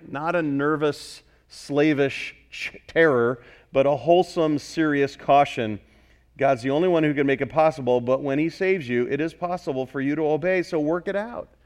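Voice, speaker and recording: A man preaching a sermon as pastor, emphatic, repeating key phrases and swinging from loud urging to hushed, earnest asides. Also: high voice.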